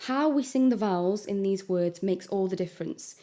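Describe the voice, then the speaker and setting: A woman giving a singing lesson, explaining vowel shapes step by step and demonstrating high notes. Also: normal speed, few pauses, mellow. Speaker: singing teacher. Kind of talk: vocal lesson with sung examples.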